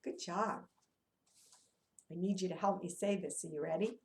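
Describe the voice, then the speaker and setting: A woman's voice: lowish voice, normal speed, pauses often, a little mellow. A woman leading young children through an interactive read-aloud, coaxing them with questions and sing-song chants. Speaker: children's movement teacher.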